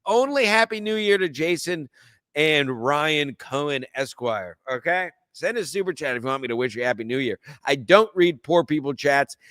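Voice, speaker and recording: A man's voice: a little high, animated, moderate pace, fairly bright tone, dry recording. A young man hosting a sports podcast, brash and profane, rambling through his picks in casual talk.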